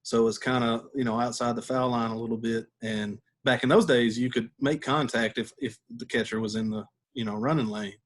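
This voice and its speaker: A man's voice: mid-range voice, fairly even intonation, a little fast, hardly any pauses, a little hiss or hum. A man, a podcast guest telling a story in a laid-back way and laughing as he goes. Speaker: podcast guest, former catcher. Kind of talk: casual storytelling.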